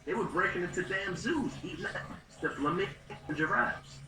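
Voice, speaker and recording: A man's voice: sits high, moderate pace, far from the mic. A man teaching from the Bible in an informal, slangy way, reading verses aloud and then explaining them in plain talk. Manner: casual slangy speech, reads scripture then explains. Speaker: preacher. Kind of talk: street-style bible teaching. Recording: roomy echo, voice from off the mic.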